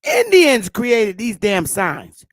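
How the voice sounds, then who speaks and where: Slow, emphatic woman ranting bluntly. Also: fairly high pitch, huge pitch swings, no echo, clean studio sound. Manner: emphatic, blunt, profane, preachy. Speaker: commentary host. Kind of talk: impassioned commentary monologue.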